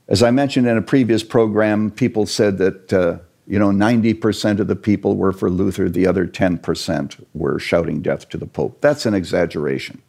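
Low, gravelly male guest lecturer, earnest storyteller. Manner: animated, earnest storyteller with jokes. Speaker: church historian guest.

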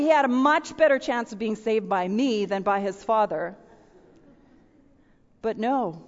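A middle-aged woman giving a storytelling sermon to a room of listeners, animated and acting out voices and sound effects. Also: medium pitch. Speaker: women's speaker. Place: large room with audience. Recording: dull, with long hall reverb.

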